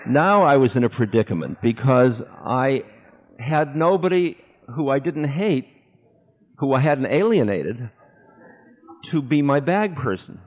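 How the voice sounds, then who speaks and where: A man's voice: medium pitch, animated. Man telling a story in a reverberant hall. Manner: candid, unhurried, breaks into laughter. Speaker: spiritual teacher. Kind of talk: personal storytelling talk. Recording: tinny lo-fi audio with long hall reverb.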